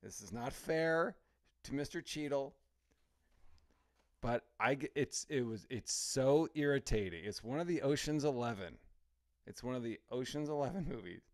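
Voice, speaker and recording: A man's voice: medium pitch, lively intonation, moderate pace. A man co-hosting a podcast, telling a ranting story in casual chat. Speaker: podcast co-host.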